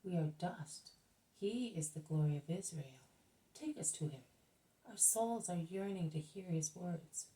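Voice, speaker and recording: A woman voicing proud male Pharisees who accuse and then flatter. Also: deep voice, normal speed, gravelly, distant mic, poor audio. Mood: fawning.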